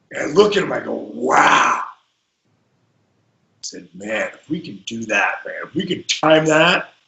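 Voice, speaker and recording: A man, a former pro wrestler, telling animated stories on a podcast and acting out the quotes, swinging between hushed and shouted. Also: high-pitched. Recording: roomy echo.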